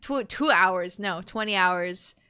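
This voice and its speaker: A young woman streaming a game, chatting excitably and swearing freely. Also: mid-range voice, slow pace, clear, resonant tone. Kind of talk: casual live-stream chat.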